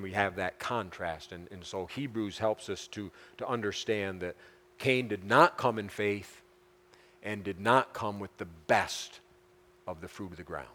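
A man teaching a Bible passage as a pastor, halting and repeating words, rising to urgent emphasis. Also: mid-range voice, fairly bright tone. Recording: long hall reverb.

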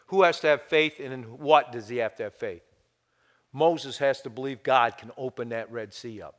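A man preaching a sermon, firing rhetorical questions at his listeners and dropping to a hushed voice now and then. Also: medium pitch, normal speed, in a large hall. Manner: animated preaching, rhetorical questions, sudden drops to hushed tones. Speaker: pastor.

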